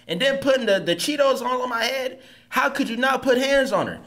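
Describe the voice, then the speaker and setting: A man hosting a comedic reaction video, talking in an animated, slangy way. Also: very high voice, brisk.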